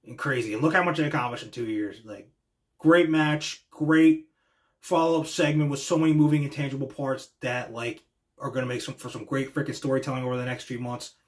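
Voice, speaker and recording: A young man hosting a podcast, giving an excited, casual reaction monologue that swears freely and acts out quotes in voices. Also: mid-range voice, brisk. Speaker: podcast host reacting to wrestling.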